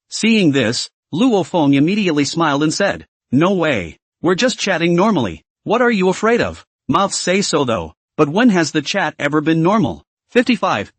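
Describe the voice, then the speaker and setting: A man's voice: fairly high pitch, no room sound. A man narrating a comic story recap in a scripted read, reading every character's lines in the same narrating voice.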